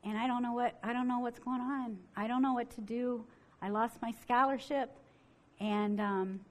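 A woman's voice: a little high, close to an everyday voice. A woman quoting a troubled young woman. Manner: hesitant, halting. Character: troubled young woman, tearful then joyful.

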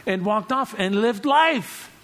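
A man from Germany with a German accent, giving an earnest testimony that swings from hushed lines to loud bursts. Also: sits high, animated, slow. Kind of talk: testimony sermon.

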